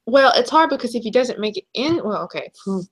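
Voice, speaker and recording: A young woman co-hosting a casual chat show, chatty and quick to laugh. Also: fairly high pitch, animated, slightly rough. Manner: chatty, laughs easily, trails off and restarts. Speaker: podcast co-host.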